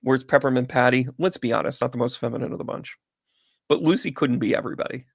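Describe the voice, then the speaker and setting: A man's voice: medium pitch, quick pace, vocal fry, breathy edge, dry recording. A man hosting a casual livestream, chatting with viewers by name and telling rambling stories while reading tarot on a close, sensitive microphone. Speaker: psychic medium host.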